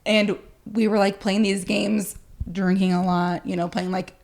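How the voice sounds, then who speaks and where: A woman's voice: medium pitch, little pitch movement, measured pace, gravelly, darkish tone. A young woman co-hosting a podcast, telling a story in casual chat and filling her sentences with "like". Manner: rambling storyteller, heavy use of "like". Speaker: podcast co-host.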